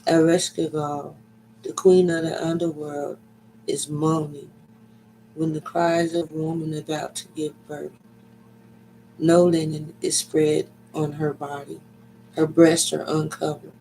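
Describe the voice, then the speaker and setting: A man giving a slow, dramatic reading of an ancient myth, with deliberate pacing and sudden loud cries. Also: on the high side, flat delivery, slight background noise, low-quality recording.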